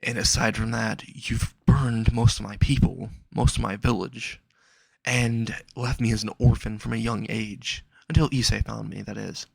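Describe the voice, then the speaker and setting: A man voicing a cold, loyal young woman healer who speaks flatly to a prisoner. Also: on the low side, normal speed, creaky, husky, no echo, exaggerated voice. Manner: cold, flat.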